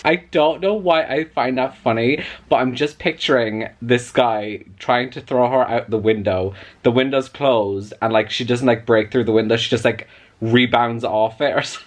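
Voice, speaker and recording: A young man chatting excitedly in a casual book vlog, with plenty of "like" fillers. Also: medium pitch, moderate pace. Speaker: book vlogger. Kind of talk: casual chat.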